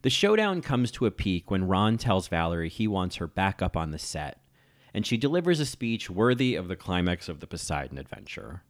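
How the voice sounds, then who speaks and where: Deep-voiced man narrating a TV essay. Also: big pitch swings, moderate pace. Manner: analytical, admiring. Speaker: TV critic and essayist. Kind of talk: scripted video-essay narration.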